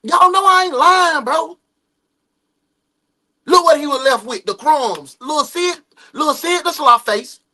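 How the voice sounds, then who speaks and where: A man giving casual, animated reaction commentary to a video, laughing and slipping into the voices of the people in the story. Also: very high voice, takes it slowly, long pauses.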